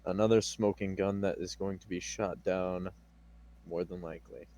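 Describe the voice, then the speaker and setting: Wry low-voiced male player. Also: fairly even intonation, moderate pace, dark tone. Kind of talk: casual tabletop play.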